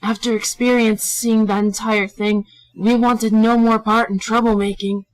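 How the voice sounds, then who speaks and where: A woman's voice: on the high side, little pitch movement, dry recording, lightly acted, rough recording. A woman doing a hissing, skinny young man. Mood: hushed. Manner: drawn-out S sounds, slow. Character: thin young man, hissing his S's, jumpy.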